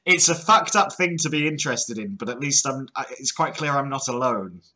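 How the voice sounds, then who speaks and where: Bright-voiced British man hosting calls. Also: mid-range voice, animated, brisk. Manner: chatty, laughing, stumbles over repeated words. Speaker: host of a call-in show. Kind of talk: casual chat with a caller.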